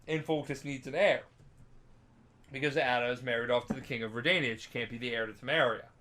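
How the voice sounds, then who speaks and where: A man's voice: mid-range voice, fast. A tipsy young man co-hosting a podcast, rambling and swearing as he casually retells a story. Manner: rambling, profane, animated. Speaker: podcast co-host.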